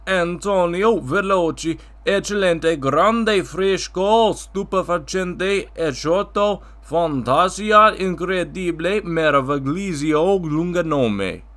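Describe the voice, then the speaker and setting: A man voicing a proud Italian businessman in a comedic talk show sketch, with a put-on Italian accent and slow, sing-song speech. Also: sits high, a bit bright, voice pushed up. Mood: cheerful, proud. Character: boastful Italian businessman with very long name, adult man.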